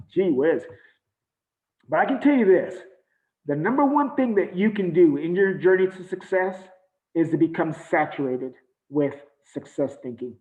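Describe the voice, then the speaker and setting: A man giving an earnest, motivational team training talk over a video call, halting now and then with fillers. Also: a little high, echoey room, phone-quality sound.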